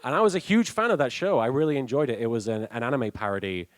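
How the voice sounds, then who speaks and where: Fast and expressive, this young British man from England chats through a casual Q&A with fans at a convention panel, often laughing and restarting what he says. His mid-range voice is heard without echo.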